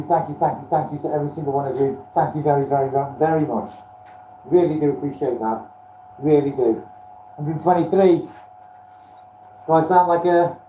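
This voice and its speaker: A fairly high-voiced man chats away on a live stream, self-deprecating and friendly with his viewers. He sounds set back from the mic in a roomy, echoey workshop, with a faint hum of ambience behind him. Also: darkish tone, far from the mic. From Wales. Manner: chatty, self-deprecating, thanks viewers by name. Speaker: woodturning livestreamer. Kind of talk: casual live-stream chat while working. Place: home workshop.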